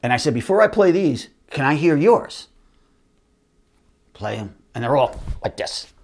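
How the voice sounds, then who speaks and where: Animated storytelling man. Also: a little high, measured pace, slight background noise. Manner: animated, acts out other people's voices. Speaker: host, company CEO. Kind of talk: casual storytelling monologue.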